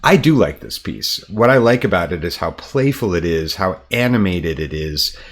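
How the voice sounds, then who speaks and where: An American man, an artist and art teacher, talking casually to camera in his studio, relaxed and chatty with frequent ums. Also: deep voice, normal speed. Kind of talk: casual explanatory talk to camera.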